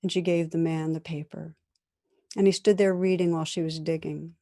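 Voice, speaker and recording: A woman meditation teacher giving a dharma talk, telling a story in a calm, measured, gentle way. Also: sits low.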